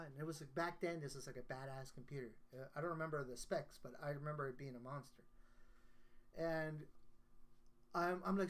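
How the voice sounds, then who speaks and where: A man's voice: on the high side, moderate pace. A man, a guest songwriter, telling a personal story in casual conversation, earnest and emotional, often restarting his sentences.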